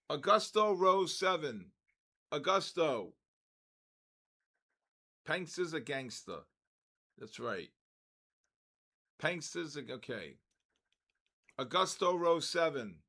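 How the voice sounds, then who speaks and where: An older man with a gravelly, creaky voice, running a live trading stream. He talks slowly and deliberately, sitting a little high for a man. His calls on market moves and viewers' names come out excitable and worn from talking. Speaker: trading livestream host.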